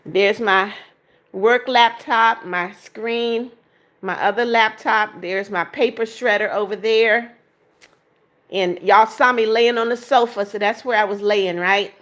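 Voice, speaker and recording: A woman's voice: mid-range voice, fairly even intonation, slow, a bit bright. A woman hosting a casual livestream from her apartment, chatting and reading viewer comments aloud as she shows viewers around. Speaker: livestream host.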